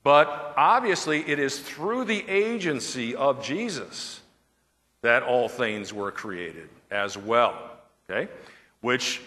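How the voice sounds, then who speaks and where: A man's voice: medium pitch, lively intonation, takes it slowly, pushed and bright, long reverb tail. A man, a pastor, teaching a verse-by-verse bible study and often checking in with his listeners through questions. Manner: asks the audience questions, checks with "okay?".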